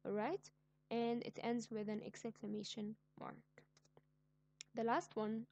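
A woman teaching an online grammar lesson, speaking slowly and clearly and repeating each example sentence. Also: a little high, dark tone, dull audio. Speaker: English teacher.

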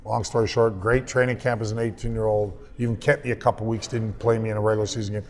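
A man's voice: lowish voice, quick pace. A man in his fifties, a guest telling emotional stories in an interview. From Canada. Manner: emotional, lively storyteller. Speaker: guest, hockey analyst. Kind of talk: storytelling interview.

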